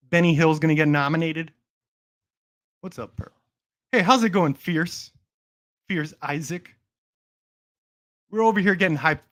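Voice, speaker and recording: A young man chatting on a home livestream in a playful, mock-boastful, teasing way. His voice sits a touch higher than most men's, and he talks straight into his desk mic. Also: a bit bright. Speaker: livestream host. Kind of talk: casual livestream chat.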